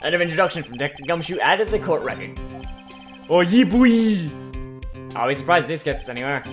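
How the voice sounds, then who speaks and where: A man's voice: fairly high pitch, rapid-fire, fairly bright tone, soft background music. A man hosting a let's play, reading game text and making wry, crude asides. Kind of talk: joking game commentary.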